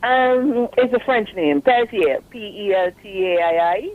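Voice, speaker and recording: A woman's voice: mid-range voice, unhurried. An older woman from Dominica, a contest winner on a call, cheeky and joking with the host. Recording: tinny phone line.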